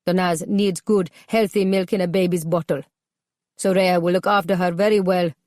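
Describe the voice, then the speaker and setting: A woman's voice: on the low side, fairly even intonation, moderate pace, a little mellow, no echo, clean studio sound, natural voice. A woman narrator voicing a cold, controlling husband who speaks in curt, menacing commands. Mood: cold, commanding.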